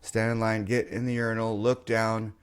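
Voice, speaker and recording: A man's voice: on the low side, level tone, moderate pace, clear, resonant tone. A man co-hosting a podcast in casual chat, laid-back and riffing jokingly. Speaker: podcast co-host.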